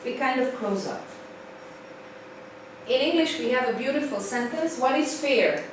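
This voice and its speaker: Woman teaching english, lively, says things twice, far mic, faint hum. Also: high voice, a little slow. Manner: lively, repeats key points for emphasis. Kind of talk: live class lecture. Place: classroom. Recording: distant mic, very echoey room, faint noise.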